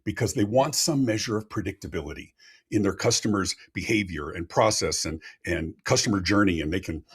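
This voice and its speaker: A man's voice: low voice, fairly quick, breathy edge. A man speaking as a customer experience expert on a live podcast, telling stories with lots of energy and often repeating words as he starts a thought, heard over a remote call. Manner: animated, repeats words when starting sentences. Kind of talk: live podcast interview storytelling.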